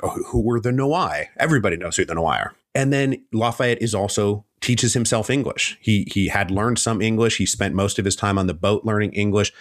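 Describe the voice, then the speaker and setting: Deep-voiced man telling history. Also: dry recording, studio quality. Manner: animated, acts out quoted figures in shifting pitch. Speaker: history guest. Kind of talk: conversational storytelling.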